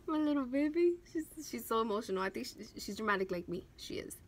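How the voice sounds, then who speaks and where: Brisk and barely pausing, a young woman with a fairly high voice tells a personal story on her vlog, emotional and animated, full of "like" fillers and quotes she acts out.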